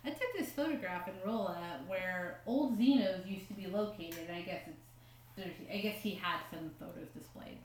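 A woman's voice: on the low side, moderate pace, roomy sound, slight background noise. A woman co-hosting a casual podcast, reading quotes aloud with joking asides and frequent laughs. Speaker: podcast co-host.

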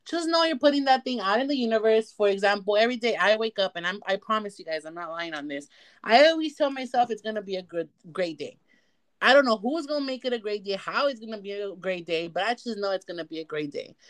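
A woman's voice: medium pitch, expressive, quick pace. A woman co-hosting a podcast, chatting casually in a bold, teasing, playful way. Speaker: podcast co-host. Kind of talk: casual chat.

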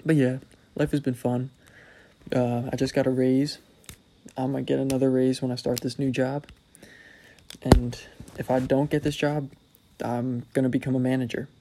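A young man talks through a loose solo podcast, wandering from thought to thought and poking fun at himself with a dry, wry edge. His mid-pitched voice carries a gravelly fry. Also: little pitch movement, normal speed, long pauses, dark tone. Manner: rambling, self-deprecating, wry. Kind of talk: casual solo podcast monologue.

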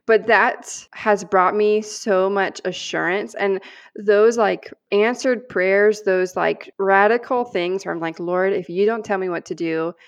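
A woman co-hosting a podcast, telling a personal story in an animated, earnest way and acting out the lines she quotes. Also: medium pitch, measured pace. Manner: animated storyteller, acts out quoted prayers and dialogue; earnest and heartfelt. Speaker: podcast co-host.

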